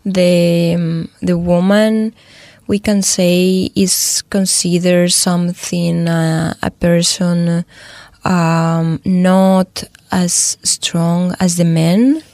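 A woman co-hosting a casual talk, thinking aloud with many pauses and restarts. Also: lowish voice, little pitch movement, darkish tone, dry recording. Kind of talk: casual chat.

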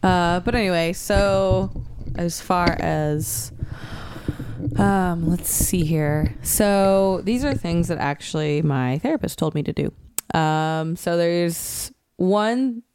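A woman's voice: on the low side, takes it slowly, a little mellow, smooth. A woman hosting a podcast in casual chat, chatty and full of "um"s. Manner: chatty, frequent "um", laughs easily. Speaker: podcast host.

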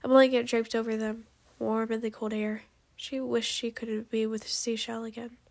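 A woman reading her story aloud in an amateur storybook reading, unhurried, with small slips and restarts. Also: on the high side, little pitch movement, gravelly. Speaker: narrator.

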